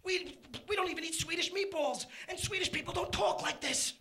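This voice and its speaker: A middle-aged man doing a live stand-up routine, punchy and loud, shouting his punchlines. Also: very high-pitched, a little fast, gravelly. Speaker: stand-up comedian.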